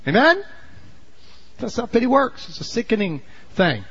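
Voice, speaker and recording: A man preaching a sermon in a folksy storytelling way, dropping to low asides and then shouting for emphasis. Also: huge pitch swings, normal speed, slightly rough, muffled recording.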